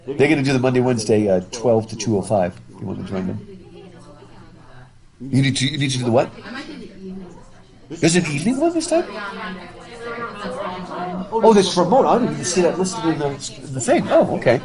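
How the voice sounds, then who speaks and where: Animated male professor lecturing through a mask. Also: mid-range voice, normal speed, pauses often, a crowd in the background, low-quality recording. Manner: animated, chatty, repeats words when thinking; talking through a face mask. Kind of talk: live classroom lecture. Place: university classroom with students. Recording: classroom with students audible.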